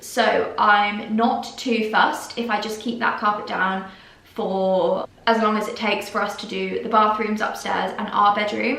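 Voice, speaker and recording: A woman's voice: mid-range voice, pushed and bright. A young woman chatting casually to camera at home as a vlogger, gushing and a little emotional. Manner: chatty, gushing, slightly tearful at times. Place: at home indoors. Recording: echoey room, a bit far from mic.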